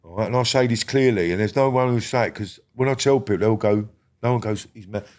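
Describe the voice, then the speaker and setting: A middle-aged man, a guest in a casual podcast interview, talking bluntly with lots of swearing and often dropping to a quiet murmur. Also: quick pace. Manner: blunt and heavy on swearing, drops to a low murmur.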